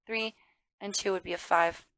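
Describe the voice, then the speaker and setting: A woman's voice: medium pitch, fairly even intonation, normal speed, vocal fry, a bit bright, dry recording, poor audio. A woman giving a casual tarot reading to viewers. She talks emphatically, calls the listener darling and baby, swears now and then, and gets worked up. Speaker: tarot reader.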